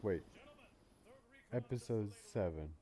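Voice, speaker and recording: A man hosts an anime reaction video, rambling casually with plenty of fillers and occasional swearing. His voice is fairly low, slow and dark in tone.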